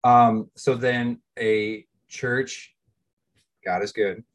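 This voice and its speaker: A man's voice: mid-range voice, steady tone, very slow. An American man in his thirties, co-hosting a podcast and telling his own story in a candid, self-deprecating, plain-spoken way. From United States. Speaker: podcast co-host. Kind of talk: casual personal storytelling.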